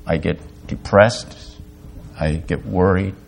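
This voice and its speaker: An older man preaching a sermon as pastor, halting at times, rising to loud emphatic peaks and dropping to quiet, confessional lows. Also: gravelly, breathy edge.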